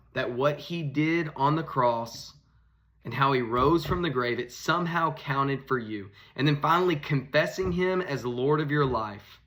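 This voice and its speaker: A man's voice: medium pitch, fairly bright tone. A male pastor reading scripture aloud and then preaching an earnest sermon, sometimes repeating words as he speaks. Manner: earnest, repeats words while searching for the next phrase. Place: church.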